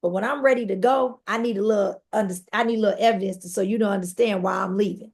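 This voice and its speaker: A woman appears as a podcast guest, earnestly sharing her own life story as personal testimony and addressing listeners directly. Her mid-range voice keeps a fairly even intonation and moves at a quick pace.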